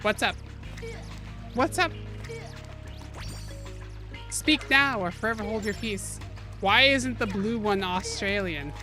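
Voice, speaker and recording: A woman streaming a video game, commenting out loud, joking and exclaiming as she plays. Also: fairly high pitch. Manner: animated, exclaims and laughs often, jokes with chat. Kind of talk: live gaming commentary.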